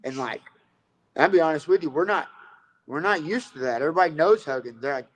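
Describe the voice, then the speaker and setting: A man's voice: on the high side, expressive, fairly quick, low-quality recording. A man telling a rambling, profane story about fighting and coaching in a casual interview.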